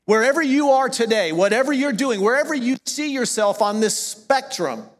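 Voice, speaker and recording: A middle-aged pastor with a Southern accent preaches in a high, bright voice. He talks in a loose, conversational way, stopping to correct himself and then pressing his points with emphasis. His voice carries with a long reverb from the church hall. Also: lively intonation, moderate pace. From American South. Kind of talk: sermon. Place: church sanctuary.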